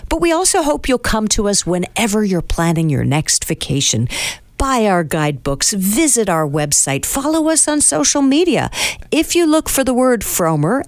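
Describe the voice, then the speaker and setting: A woman co-hosting a radio travel show, her pitch moving up and down with a lot of life. She delivers promo and contact details briskly and cheerfully, recorded close and dry with no room sound. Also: no echo. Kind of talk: radio talk show, promo reads and backchannel.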